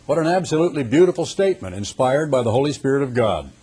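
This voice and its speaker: A man preaching a sermon, reading scripture slowly and emphatically, then explaining it in a conversational way. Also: mid-range voice, big pitch swings, darkish tone, husky.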